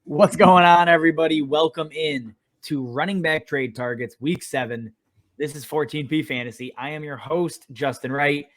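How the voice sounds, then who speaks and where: A man's voice: mid-range voice, normal speed, fairly bright tone. A man hosting a casual fantasy football talk show, upbeat and joking with his co-host. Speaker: podcast host.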